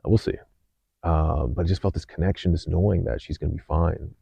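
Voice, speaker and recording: A man hosting a podcast, earnestly telling a personal story in an unhurried way, with many fillers and restarts. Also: deep voice, steady tone, creaky, warm tone, breathy edge, no echo. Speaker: podcast host. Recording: slightly dull dry sound.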